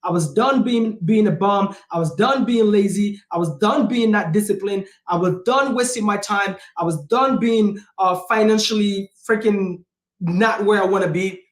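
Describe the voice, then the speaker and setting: A man hosting a livestream as a real estate investor, speaking in a casual, energetic, emphatic way and repeating phrases for punch. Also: high voice, moderate pace, reverberant. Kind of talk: casual motivational talk.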